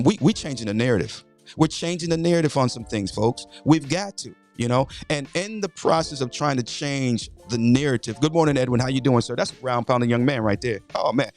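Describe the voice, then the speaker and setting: A middle-aged man hosting a morning inspiration livestream, preacherly and casual, greeting viewers by name and repeating his phrases. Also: mid-range voice.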